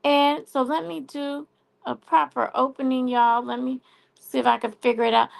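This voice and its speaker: A woman's voice: sits high, flat delivery, normal speed, gravelly. A woman hosting a live stream, chatting casually about a TV show and saying y'all a lot. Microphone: phone.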